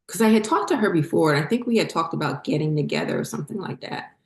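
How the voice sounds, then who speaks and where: A middle-aged woman hosting her own channel, telling her spiritual story in a halting, emotional way that chokes up at times. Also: low-pitched, animated. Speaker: channel host. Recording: roomy echo.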